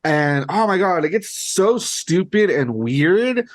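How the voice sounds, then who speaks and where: Male podcast co-host, slightly high voice, rambling filler-packed chat. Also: sing-song, takes it slowly. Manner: rambling, filler-heavy retelling. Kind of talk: casual chat.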